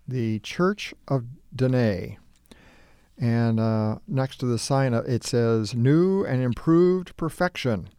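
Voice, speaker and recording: Smooth-voiced male radio co-host. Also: medium pitch, a little mellow, dry recording, clean studio sound. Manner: amused, chuckling between lines. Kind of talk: casual radio chat reading comics.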